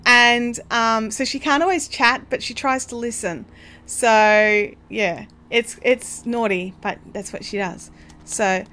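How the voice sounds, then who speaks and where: A woman's voice: a little high, steady tone, takes it slowly, sharp tone. An Australian woman hosting a casual craft livestream, chatty and bubbly, rambling with lots of fillers. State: hiccups. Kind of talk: casual live chat.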